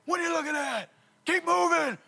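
A high, bright shout cuts through: a bossy male Marine barking commands at a runner to keep moving, as a preacher puts him on mid-story. he sounds stern and loud, with every order snapped out hard. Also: a little fast, vocal fry, exaggerated voice.

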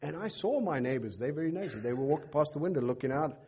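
A man's voice: fast, slight background noise. A middle-aged man preaching in a church, a pastor telling a story in a sermon and acting out the dialogue with a lifted voice. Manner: animated storyteller, acts out dialogue with lifted pitch.

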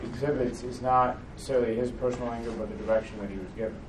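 A man, a student in a class, asking a question in a quick, tentative way. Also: mid-range voice, fairly even intonation. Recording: distant echoey room with faint noise.

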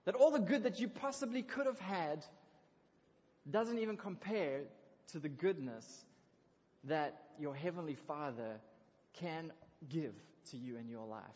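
Man, pastor preaching, animated conversational sermon, fairly high voice, muffled recording, long echo of a church hall. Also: slightly rough. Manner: animated and conversational, rising excited asides. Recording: dull lo-fi recording in a reverberant hall.

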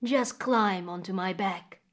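A woman voicing a stern but kind mother crocodile with a deep, watery voice, speaking slowly and solemnly in a storybook. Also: a bit bright. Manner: slow, solemn.

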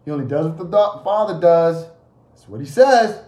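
A man delivering a sermon with a lively, swooping voice that rises higher than most. He hammers points home by repeating phrases and throwing rhetorical questions at the listeners. The sound carries a roomy echo. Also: normal speed. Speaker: preacher.

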